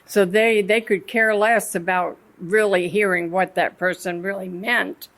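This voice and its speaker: A woman's voice: medium pitch, steady tone, a little slow, a bit bright. A woman co-hosting a Christian radio talk about marriage, chatting and telling stories from her own marriage. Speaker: co-host teaching a Christian marriage class. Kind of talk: casual radio discussion.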